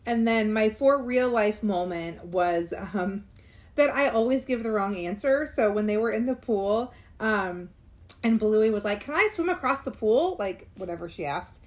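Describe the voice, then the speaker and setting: A woman's voice: medium pitch, unhurried, a little mellow. A woman in her thirties, a mother co-hosting a casual podcast, chatty and acting out quoted lines in little voices. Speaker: podcast co-host. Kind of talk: casual chat about a cartoon.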